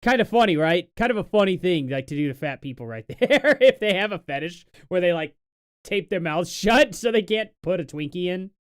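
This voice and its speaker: A man's voice: high-pitched, lively intonation, fairly quick, smooth, no room sound, clean studio sound. A man hosting a live stream, reacting to protest clips with sardonic, mocking commentary and lots of fillers.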